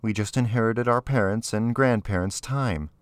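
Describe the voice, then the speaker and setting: A man reading aloud, voicing a calm, guarded teenage girl raised in a prison camp, speaking matter-of-factly. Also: on the low side, normal speed, no room sound, voice pushed up, close to an everyday voice.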